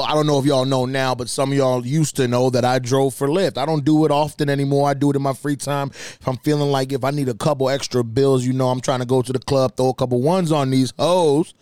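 A young man hosting a podcast, telling stories in a profane, animated, casual comedic way, jumping higher in pitch when outraged. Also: clear, resonant tone, no room sound, studio quality. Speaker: podcast host.

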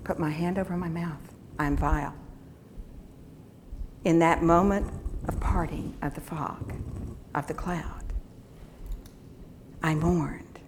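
A woman's voice: lowish voice, steady tone, slow pace, long pauses, a little mellow, slight background noise. A woman giving a sermon, telling a personal story in an earnest, reflective way. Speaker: teacher giving a devotional talk.

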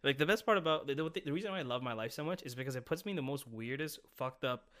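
A man's voice: mid-range voice, fast. A young man hosting a podcast, telling a story in casual chat, swearing a lot and restarting often. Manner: animated storytelling, heavy swearing; many restarts and filler words. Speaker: podcast host.

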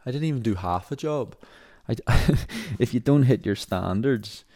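A man's voice: medium pitch, animated, a little slow, warm tone. A young adult man who runs marathons, talking casually and ramblingly with many fillers while in an apartment. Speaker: marathon runner. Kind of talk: casual vlog monologue. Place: apartment indoors.

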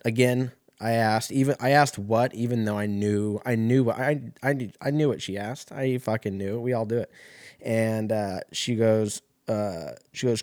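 A man's voice: lowish voice, a little slow, darkish tone, dry recording, clean studio sound. A young man telling a rambling, profane story in a casual way, often laughing.

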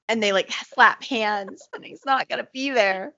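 A woman co-hosting a podcast in casual, excitable chat, her voice a little hoarse from illness, laughing often. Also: medium pitch, normal speed, dull audio. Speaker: podcast co-host.

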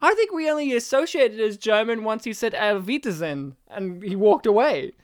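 Sweary Australian man, smooth dry voice. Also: high-pitched, moderate pace, no room sound. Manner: animated, laughing, sweary storytelling. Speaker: podcast co-host. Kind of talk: casual movie-review chat.

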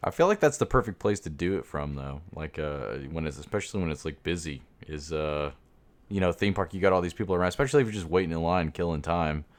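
A man's voice: sits low, lively intonation, fast talker. A young man co-hosting a comedy podcast, trading crude jokes in casual banter. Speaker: podcast co-host.

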